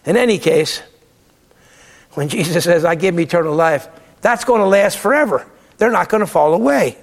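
A man's voice: high voice, animated, moderate pace, gravelly, in a large hall. A man giving a Bible lecture, emphatic and repeating words to stress his points. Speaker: theology lecturer.

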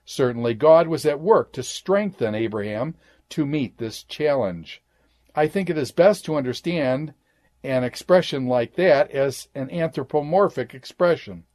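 Male Bible teacher, mid pitch, measured lecture delivery with spoken quote marks. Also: a little mellow. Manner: measured, says "quote" and "end quote" around citations. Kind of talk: lecture reading scripture.

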